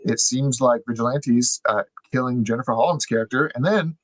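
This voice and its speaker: A man's voice: medium pitch, a little fast, no echo, poor audio. Chatty young man on a dry podcast mic. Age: young adult. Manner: chatty, lots of fillers, animated explaining. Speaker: podcast co-host. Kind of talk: casual podcast chat.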